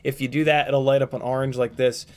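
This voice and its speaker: A man's voice: mid-range voice, flat delivery, fast talker. Tired-voiced man hosting a live stream. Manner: rambling, playful, swearing, frequent ums and throat clearing. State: voice tired and strained. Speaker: livestream host. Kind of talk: casual live-stream chat, reading out viewer names.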